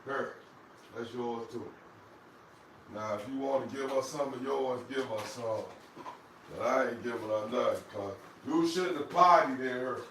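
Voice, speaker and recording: A man, vlogging and scolding his dog in an animated, repetitive way. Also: mid-range voice, measured pace, heavy reverb, distant mic, slight background noise, rough recording. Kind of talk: casual vlog talk to camera and dogs.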